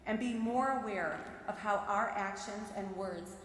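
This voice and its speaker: A woman giving a sermon from the pulpit of a large synagogue sanctuary, reading prepared remarks in a measured, earnest way. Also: medium pitch, a bit bright, a little hiss or hum. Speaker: lay speaker giving a sermon. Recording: very echoey sanctuary with long reverb.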